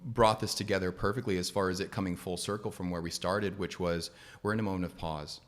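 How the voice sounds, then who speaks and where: A man's voice: low voice, fairly even intonation, brisk, in a large hall. A man in a casual interview, speaking reflectively and asking probing questions.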